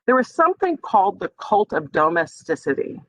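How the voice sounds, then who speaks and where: A woman giving a conversational online music history lecture over a video call, filling pauses with ums and speaking directly to her students. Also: mid-range voice, big pitch swings, no room sound, dull audio. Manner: conversational, many ums, addresses students as friends.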